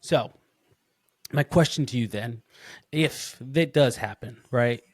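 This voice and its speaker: Male podcast host, mid-pitch voice, rambling and animated, close dry mic. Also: slow, no echo. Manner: rambling, animated storytelling with many restarts. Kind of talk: casual interview chat.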